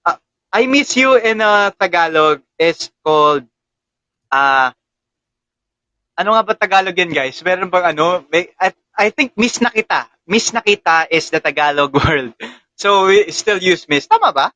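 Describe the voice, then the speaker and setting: A man's voice: high-pitched, very animated, moderate pace, bright, forceful tone, dull audio. A young Filipino man with a Filipino accent hosting a casual livestream interview, chatty and laughing often with many fillers. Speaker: interview host.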